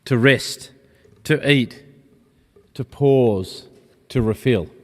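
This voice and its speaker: A man preaching a sermon in a gentle, reflective, personal way. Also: medium pitch, extremely slow. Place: church. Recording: long church reverb.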